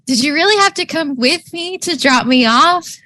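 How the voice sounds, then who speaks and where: A woman playing a tabletop game, voicing her student character calmly. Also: high-pitched, moderate pace. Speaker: player.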